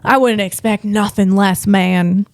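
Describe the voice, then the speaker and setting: A woman podcast host and comedian telling rambling, playful stories about family outings in a casual chat, gushing and animated and full of "man" and "you know". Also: medium pitch, unhurried, dry recording, studio quality. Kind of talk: casual comic storytelling.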